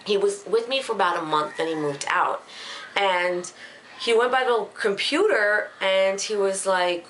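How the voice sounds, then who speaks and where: A young adult woman earnestly retelling a frightening personal experience, halting and emotional, with frequent restarts. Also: mid-range voice, a bit bright, a little hiss or hum. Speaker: storyteller. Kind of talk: casual personal story.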